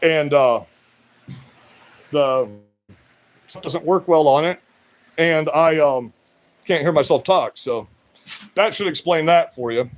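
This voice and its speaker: A man livestreaming from his work shed on a phone, talking loud, rambling and profane, wired on energy drinks, so that he always sounds like he is yelling. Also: fairly high pitch, slow pace, long pauses. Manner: loud, rambling and profane, with many "you know"s. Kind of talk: livestream rant.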